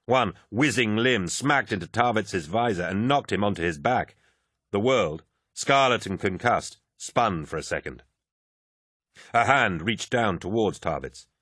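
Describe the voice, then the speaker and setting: Low, lively male audiobook narrator. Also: measured pace, husky, no echo, studio quality. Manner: dramatic, vivid action reading.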